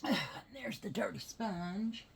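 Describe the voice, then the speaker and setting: A woman's voice: medium pitch, takes it slowly, creaky, background noise. A woman chatting while she does her makeup and telling a story that grows heated. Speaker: vlogger. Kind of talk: casual chat while doing makeup.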